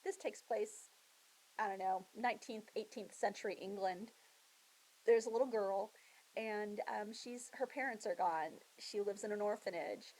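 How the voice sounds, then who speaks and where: A middle-aged woman librarian talks students through a book she loves. She retells scenes in a chatty, animated way, with many fillers and restarts. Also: mid-range voice, measured pace, low-quality recording. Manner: chatty, animated storytelling with acted voices. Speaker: school librarian.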